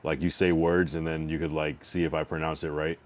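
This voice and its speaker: A man's voice: a bass voice, flat delivery, fairly quick. A young man on a casual live stream, chatting loosely and repeating a word again and again to get the pronunciation right. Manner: loose and rambling, with many fillers and laughs. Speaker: livestreamer.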